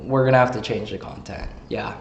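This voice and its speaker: A man's voice: on the low side, brisk, creaky, a little hiss or hum. Indignant young man ranting to camera. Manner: indignant, rallying, filler-heavy. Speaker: gaming channel creator. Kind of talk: heated direct-to-camera rant. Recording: roomy echo.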